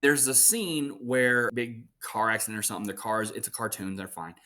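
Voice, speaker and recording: A man in his thirties, a voice actor guesting on an interview, telling family stories in an animated, chatty way. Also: lowish voice, moderate pace. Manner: animated storyteller. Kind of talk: casual interview chat.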